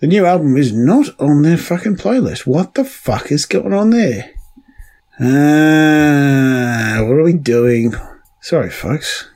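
A man's voice: on the high side, big pitch swings, normal speed, mellow, husky. Sardonic New man co-hosting a music podcast, profane and teasing. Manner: sweary, sardonic banter. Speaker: podcast co-host. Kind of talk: casual chat.

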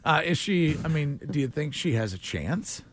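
Lively radio talk host, laughing easily. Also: male voice, a little high, dry recording. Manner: animated, quick to laugh. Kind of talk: casual radio banter.

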